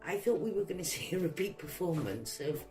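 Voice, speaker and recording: A Welsh vlogger with a lowish, warm, animated voice delivers an angry, brisk rant, combative, mocking and swearing freely. Soft music plays in the background.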